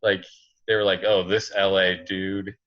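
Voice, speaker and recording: A man in his twenties telling a story as a guest on a casual podcast, chatty and relaxed, full of fillers like "like" and "you know". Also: deep voice, measured pace. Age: 20s. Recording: slightly muffled lo-fi recording.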